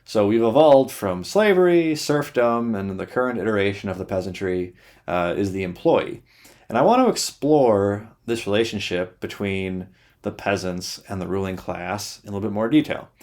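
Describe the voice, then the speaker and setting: A man's voice: fairly low pitch, expressive, normal speed, a little mellow. A young man ranting to his audience in a blunt, sarcastic and sweary way, with many fillers. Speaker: YouTuber.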